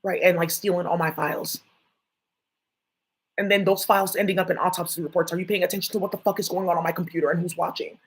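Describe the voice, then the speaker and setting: A woman's voice: fairly low pitch, fairly even intonation, fast, slightly rough, low-quality recording. A woman vlogger talking to her viewers in a rambling, jumpy monologue, swearing often.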